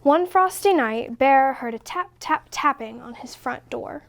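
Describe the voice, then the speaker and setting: High-voiced woman reading slowly. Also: creaky, slight background noise. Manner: slow, expressive reading. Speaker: story reader. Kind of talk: storybook read-aloud.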